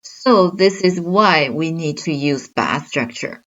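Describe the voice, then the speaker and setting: Slow-speaking woman teaching grammar. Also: sits low, lively intonation, fairly bright tone, dull audio. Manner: slow, careful explaining with examples. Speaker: Chinese language teacher. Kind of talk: online grammar lesson.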